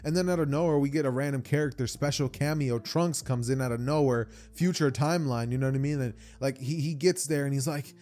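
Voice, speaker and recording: A man's voice: mid-range voice, brisk, few pauses, warm tone. Rambling young man telling a story. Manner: rambling, stammering repeats, many fillers. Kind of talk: casual spoken fan-fiction storytelling.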